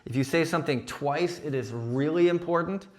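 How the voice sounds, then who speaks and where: A man's voice: a little high, moderate pace. A man giving a sermon at a young adults retreat, conversational, often checking in with "right?". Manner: conversational preaching, frequent "right?" and "like". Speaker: young adult ministry speaker. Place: church retreat session.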